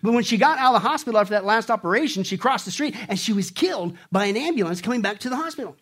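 Animated high-voiced male preacher. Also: racing. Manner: animated, swings from loud to hushed, acts out voices. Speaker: pastor. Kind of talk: sermon with jokes.

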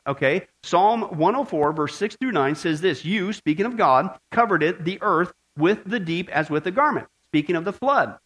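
A man delivers a sermon in a high-pitched voice. He is animated, and he swings between loud exclaiming and hushed, prayerful tones. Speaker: pastor.

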